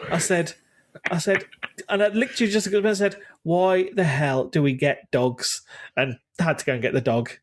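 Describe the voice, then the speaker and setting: A man in his thirties, co-hosting a podcast and telling a funny story with lively acted-out voices. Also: a little high, moderate pace. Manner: animated storytelling, acts out scenes. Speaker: podcast co-host. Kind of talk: casual chat.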